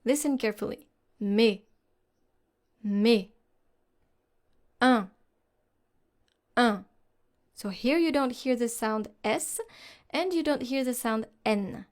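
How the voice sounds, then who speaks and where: A woman teaching French pronunciation, explaining slowly and carefully and modelling words for the listener to repeat. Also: high voice, darkish tone. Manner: slow and deliberate, models words for repetition. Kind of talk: slow instructional explanation.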